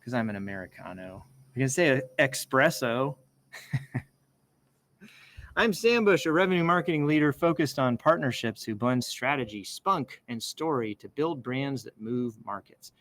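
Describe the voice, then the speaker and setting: On a rough recording, a man hosting a laid-back show reads posts out loud and strays into enthusiastic personal digressions, breaking off his own sentences as he rambles. His voice is mid-range, animated and fairly bright, at a measured pace.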